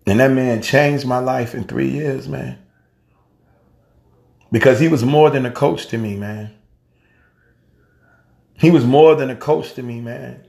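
With a medium-pitched voice and some vocal fry, a middle-aged guest speaker pays a heartfelt spoken tribute. He keeps it casual and full of slang, calling the listener family and man, and his lively storytelling grows softer when he grieves.

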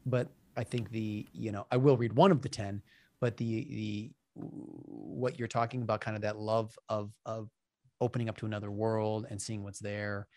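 A man's voice: lowish voice, flat delivery, normal speed, darkish tone, dry recording, studio quality. A man hosting a podcast, chatting enthusiastically and rambling with lots of fillers. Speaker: podcast host. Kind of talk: casual interview chat.

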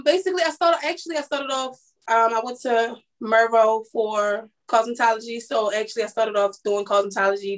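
Candid young woman, high voice. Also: poor audio. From East Baltimore, Maryland. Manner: candid, rambling, many restarts. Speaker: guest, makeup artist. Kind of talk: casual interview chat.

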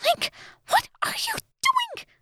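A woman voicing a brash, sharp-tongued female fairy companion in an audiobook, speaking with urgent skepticism. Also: very high-pitched, animated, slow, no room sound, studio quality, voice pushed up, full character voice.

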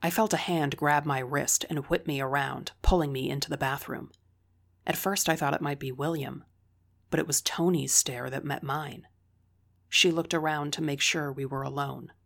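A woman's voice: low voice, steady tone, normal speed, creaky. A woman reading a first-person story aloud in a dry, wry manner. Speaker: narrator.

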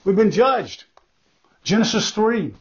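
A man's voice: sits high, animated, slow pace. Man, pastor, sermon, emphatic, repeats phrases, chatty asides, muffled lo-fi sound. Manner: conversational, with asides and self-corrections. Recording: dull lo-fi recording.

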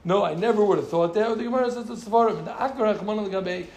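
High-voiced man teaching in an echoey room. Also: quick pace, a little mellow, a little hiss or hum. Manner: repeats phrases, joking asides to students. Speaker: Talmud teacher. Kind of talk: casual Gemara class teaching.

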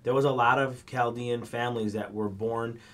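A man's voice: mid-range voice, steady tone, moderate pace, a bit bright. Man hosting a podcast, emphatic. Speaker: podcast host. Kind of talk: casual interview chat.

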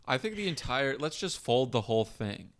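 A man's voice: medium pitch, big pitch swings, normal speed, a crowd in the background. Rambling self-mocking man on a podcast. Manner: rambling, self-deprecating, joking. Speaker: podcast co-host. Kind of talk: casual chat.

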